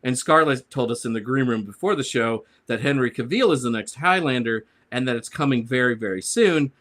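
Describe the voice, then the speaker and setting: A man's voice: mid-range voice, expressive, a little fast, a bit bright. A man on a discussion panel reading his prepared comic review aloud in a sarcastic, grumbling way.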